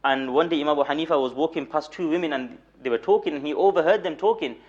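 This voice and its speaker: A young man giving a mosque lecture, with a voice set a touch higher than most men's. He tells his stories at a brisk clip and repeats phrases to drive them home. The recording sounds dull and lo-fi. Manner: animated storyteller, repeats words for emphasis, light humor; recites Arabic rapidly. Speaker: moulana giving a weekly lecture.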